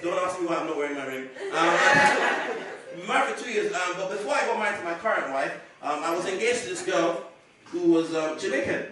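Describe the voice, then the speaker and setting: A man's voice: high-pitched, lively intonation, a little fast, heavy background noise. A man performing stand-up comedy on a club stage, chatty and teasing, laughing through his jokes. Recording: echoey room from far off with crowd. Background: audience laughter.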